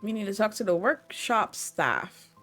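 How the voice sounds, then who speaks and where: A woman streaming a video game, chatting casually and reading the characters' dialogue aloud with quick asides. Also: medium pitch, expressive, a bit bright, soft background music. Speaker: gaming streamer. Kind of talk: casual let's-play commentary.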